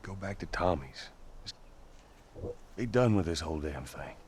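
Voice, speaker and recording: An actor playing a weary, protective middle-aged survivor in a video game, gruff and low-key. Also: male voice, animated, moderate pace, slight background noise. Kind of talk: game voice acting.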